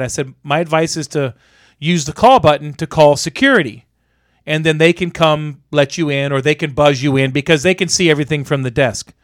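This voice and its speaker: A man with a high voice tells a story in a loose podcast chat, cursing freely and acting out each person he quotes. His voice sits close and dry on the mic, with no room sound around it. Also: fairly quick, dry recording. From Florida. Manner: animated, profane, acts out quoted voices. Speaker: podcast co-host.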